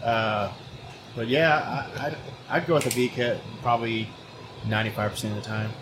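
A man's voice: mid-range voice, fairly even intonation, normal speed. An easygoing Texan man in casual chat, hesitant with many ums. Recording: clear background noise.

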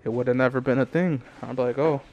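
A man's voice: mid-range voice, fairly even intonation, fast, highs cut off. A young man co-hosting a podcast, telling stories casually and leaning on "like" a lot. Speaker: podcast co-host. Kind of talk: casual chat, storytelling.

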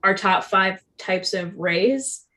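A woman's voice: medium pitch, slow, pushed and bright, poor audio. A young woman co-hosting a podcast in casual chat, chatty and giggly, with lots of "like" fillers. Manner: chatty, giggly, heavy use of "like". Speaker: podcast co-host.

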